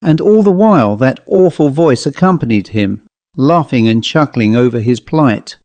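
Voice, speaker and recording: A man narrating a ghost story as an audiobook, in a measured, steady way. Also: mid-range voice, dry recording.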